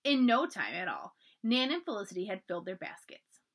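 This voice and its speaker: A woman librarian reading a children's chapter book aloud, expressive and storyteller-like. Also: mid-range voice, fairly quick. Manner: expressive storyteller, lively voices for dialogue.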